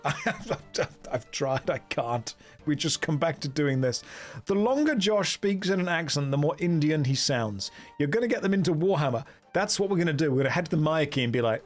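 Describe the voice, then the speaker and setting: A man's voice: on the high side, animated, moderate pace, faint music behind. Joking British man streaming a game. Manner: joking, self-mocking, reads chat aloud. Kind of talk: casual game stream chat.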